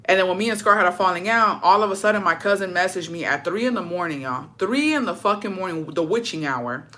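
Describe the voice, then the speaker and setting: Bright-voiced woman telling a profane story. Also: on the low side, fast. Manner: profane, animated, acts out quoted dialogue; slips into Spanish phrases. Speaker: storytime vlogger. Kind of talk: casual storytelling.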